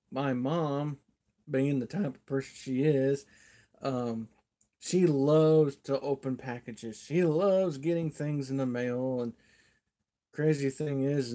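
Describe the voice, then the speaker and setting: A man's voice: mid-range voice, fairly even intonation, a little slow, dark tone. A man hosting a casual livestream, telling a rambling folksy story and chuckling often. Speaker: livestream host.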